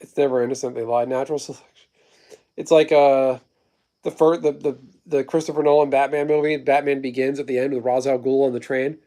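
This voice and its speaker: A man's voice: mid-range voice, level tone, fairly quick, mellow. A man in his thirties hosting a casual livestream, rambling through stories and blunt, profane opinions while answering chat. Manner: replies to chat messages. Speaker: livestream host.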